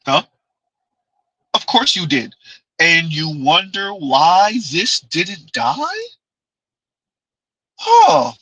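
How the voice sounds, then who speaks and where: Male stream host, high-pitched, emphatic and repetitive, dry close sound. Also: lively intonation, takes it slowly, long pauses, bright, forceful tone, slightly rough, dry recording, muffled recording. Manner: emphatic, repetitive, refers to himself in third person. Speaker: livestream host. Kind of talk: commentary livestream.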